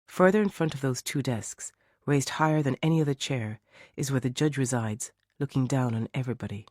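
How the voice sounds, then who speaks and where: A man narrating a mystery thriller audiobook in a measured storytelling way. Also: mid-range voice, a little mellow, dry recording, clean studio sound. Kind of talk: scripted narration.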